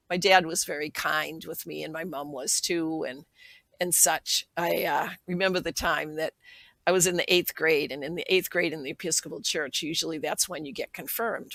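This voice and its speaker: Older woman guest, gravelly voice, dry close sound, earnest storyteller who plays out old conversations. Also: low-pitched, fairly bright tone, no room sound, poor audio. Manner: earnest, reflective, acts out remembered dialogue. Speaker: podcast guest. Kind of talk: personal storytelling in an interview.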